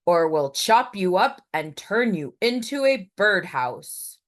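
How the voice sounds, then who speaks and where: A woman's voice: mid-range voice, big pitch swings, slow pace. A woman voicing a bold male woodcutter who bellows his words. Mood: commanding.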